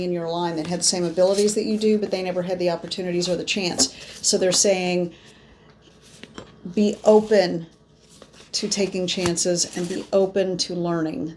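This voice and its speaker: A woman's voice: fairly low pitch, a little mellow, a little hiss or hum. A woman psychic reader talking viewers through a card reading, musing aloud as she lays out cards. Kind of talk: spoken tarot reading to viewers.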